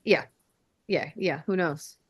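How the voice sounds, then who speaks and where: A woman's voice: on the low side, takes it slowly, husky, no room sound. A woman hosting a telehealth livestream, chatting casually and joking at her own expense, with the odd swear.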